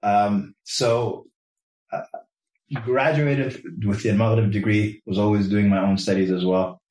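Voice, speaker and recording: A man's voice: fairly low pitch, steady tone, unhurried, a little mellow. A man chatting easygoing in an interview, explaining his path as a religious teacher and often trailing off to restart. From New York. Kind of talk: casual interview chat. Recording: roomy echo, distant mic.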